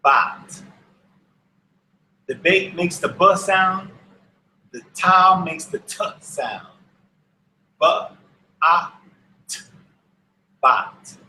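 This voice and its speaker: Slow, bright-voiced man teaching in an echoey room. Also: sits high, a little hiss or hum. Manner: patient, repeats words for students to echo. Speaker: Hebrew teacher. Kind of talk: slow classroom instruction.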